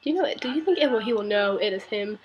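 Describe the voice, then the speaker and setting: A woman's voice: mid-range voice, lively intonation, racing, muffled recording. A teenage girl vlogging, telling a story with exasperated sarcasm. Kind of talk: casual ranting vlog.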